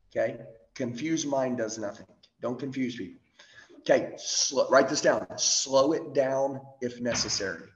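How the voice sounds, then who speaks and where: A man coaching on public speaking in a motivational training talk, firing off short repeated commands with occasional swearing, swinging between loud fired-up bursts and slow, quiet emphasis. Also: mid-range voice, reverberant, lo-fi sound.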